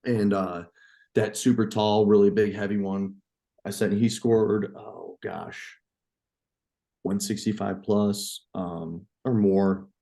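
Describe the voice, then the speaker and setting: A man from New York, a farmer and hunter, telling a story as a podcast guest, excited and profane. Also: on the low side, slow pace, creaky. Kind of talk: casual storytelling.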